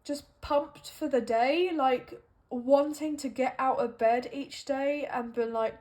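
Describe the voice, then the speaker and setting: A woman's voice: high-pitched, steady tone, slow pace, a little mellow. A woman giving an intuitive tarot reading, musing and hesitant as she thinks aloud with plenty of fillers. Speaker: tarot card reader.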